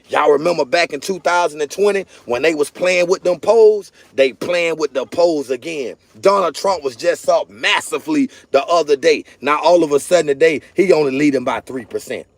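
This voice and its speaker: A high-pitched man rants at his viewers in a repetitive, emphatic, preaching cadence. He talks into a phone camera while sitting in and stepping out of his car. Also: normal speed, gravelly, no echo. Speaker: political vlogger. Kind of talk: preachy political rant to viewers. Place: in a car, then stepping outside.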